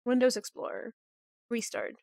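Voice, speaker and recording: A fairly high-voiced woman chats with her stream while playing, her voice nasal and stuffed up from being sick. She rambles in an animated way, leaning on fillers. The sound is dry, with no room around it. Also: moderate pace, gravelly, no room sound. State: sick, nasal with a clogged nose. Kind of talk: casual live-stream chat.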